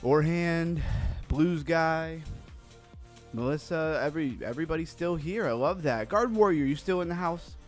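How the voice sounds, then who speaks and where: Soft music plays behind a man whose voice is on the high side, speaking at a moderate pace as he hosts a casual crypto livestream. He's upbeat and rambling, reads chat names aloud, and sounds a little out of breath after cardio.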